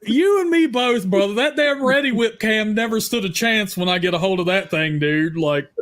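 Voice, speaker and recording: A man hosting a live horror chat stream, loud and teasing, with shouted bursts. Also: high-pitched, animated, moderate pace. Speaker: host.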